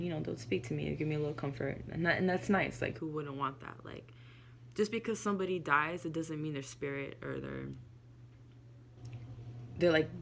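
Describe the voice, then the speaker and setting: A woman with a low, gravelly voice tells a personal story straight to camera. Her manner is candid and emotional, and she swears freely. A faint hum sits behind her voice. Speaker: spiritual vlogger. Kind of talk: casual storytelling monologue.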